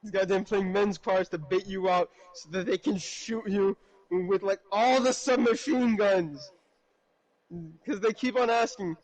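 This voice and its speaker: A man's voice: high-pitched, measured pace, highs cut off. A man chatting casually on a stream, telling a story animatedly and laughing often. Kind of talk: casual chat.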